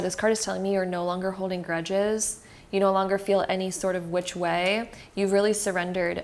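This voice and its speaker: A woman giving a casual, reassuring tarot card reading, speaking straight to the viewer with frequent fillers. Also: mid-range voice.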